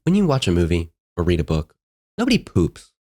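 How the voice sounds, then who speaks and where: A man co-hosting a casual book podcast, talking enthusiastically with quick, profane quips. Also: deep voice, huge pitch swings, a little mellow. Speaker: podcast co-host.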